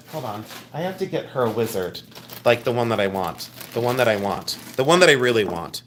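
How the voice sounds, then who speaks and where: A man's voice: mid-range voice, expressive, fairly quick, slight background noise. Chatty man hosting a live jewelry sale. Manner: chatty, rambling, jokey and affectionate toward viewers. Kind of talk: casual live sales stream.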